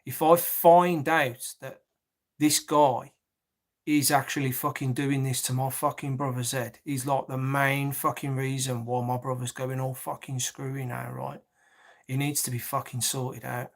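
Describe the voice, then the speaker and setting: A man's voice: mid-range voice, flat delivery, measured pace. A man telling a long personal story in an agitated, repetitive rant, swearing often. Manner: agitated, swears heavily, repeats himself.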